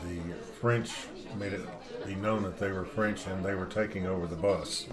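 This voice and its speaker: A man in his seventies from the Southeastern United States, reflectively narrating a personal memoir in an unhurried storytelling way. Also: low voice, steady tone, over a noisy crowd.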